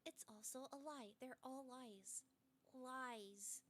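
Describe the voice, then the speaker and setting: A woman streamer retelling a story in a casual, animated way, with many fillers. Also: sits high, takes it slowly.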